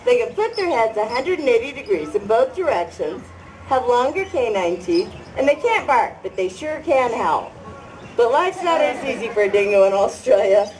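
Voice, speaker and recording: A woman's voice: on the high side, big pitch swings, moderate pace, darkish tone. A woman presenting a live animal show to a fair audience, chatty and leading the crowd in cheers, recorded on a noisy outdoor fairground.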